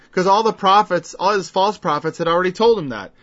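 A man's voice: sits high, animated, fairly quick, a bit bright. A man preaching a verse-by-verse Bible teaching in a conversational way, acting out the people he quotes in changed voices. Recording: dull lo-fi recording.

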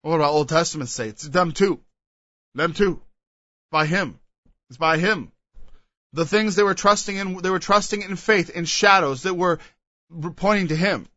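A man's voice: high voice, normal speed, sharp tone, no echo. A man preaching a sermon. He reads old scripture aloud and then explains it verse by verse. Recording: dull lo-fi recording.

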